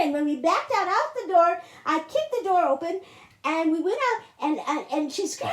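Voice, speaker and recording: A woman's voice: extremely high pitch, big pitch swings, normal speed, fairly bright tone. A middle-aged woman telling a personal story in a monologue, emotional and repetitive, with frequent restarts. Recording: echoey room.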